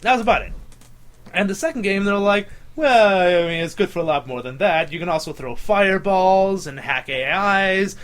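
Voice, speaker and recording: A young man in a loose, jokey podcast chat, with a voice sitting a little higher than most men's. He tells stories with animation and laughs often. He breaks into impressions of the people he describes. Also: expressive, normal speed, fairly bright tone. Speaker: podcast co-host. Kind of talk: casual chat.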